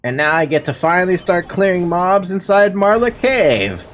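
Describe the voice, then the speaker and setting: A man's voice: a little high, a little fast, hardly any pauses, slight background noise. Playful young male game streamer. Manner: playful, giggly, melodramatic complaining. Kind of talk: casual game-stream chatter.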